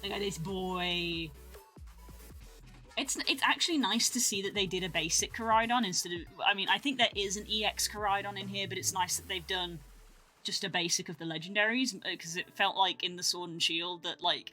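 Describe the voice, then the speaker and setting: A woman streaming, chatting casually as she opens trading cards, breaking into excited exclamations. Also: on the low side, brisk, faint music behind. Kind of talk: casual live-stream card-opening commentary.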